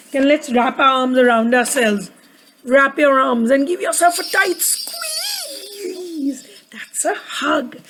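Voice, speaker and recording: A woman with a high voice and a sore throat reads a picture book aloud to children, asking them to repeat words along with her. She's an adult with a daughter, telling stories for kids, and the recording quality is low.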